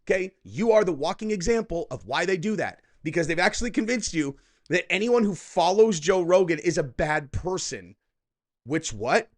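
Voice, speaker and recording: A middle-aged man hosting a political reaction commentary, delivering a combative, profane, mocking rant. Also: high voice.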